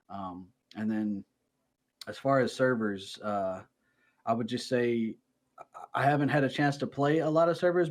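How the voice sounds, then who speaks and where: A man co-hosting a gaming podcast, chatting casually at a home microphone, joking and rambling through quick asides. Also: medium pitch. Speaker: podcast co-host. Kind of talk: casual chat.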